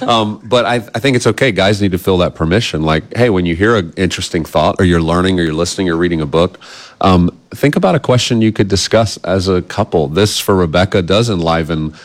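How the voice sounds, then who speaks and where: A man's voice: low-pitched, a little fast. A male guest on a talk show, earnest and reflective. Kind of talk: conversational interview.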